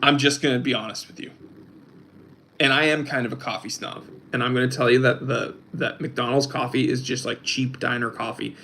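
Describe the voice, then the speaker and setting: A man's voice: medium pitch, steady tone, fairly quick, pushed and bright, slight background noise. A young man hosting a casual livestream, reading out chat and rambling with restarts and fillers. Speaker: host of a watch channel, reading live chat.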